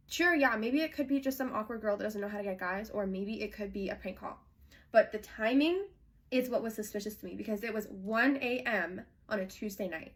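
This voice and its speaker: A woman in her twenties telling a dating story while getting ready, animated and quick to mimic others in high voices. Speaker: vlogger.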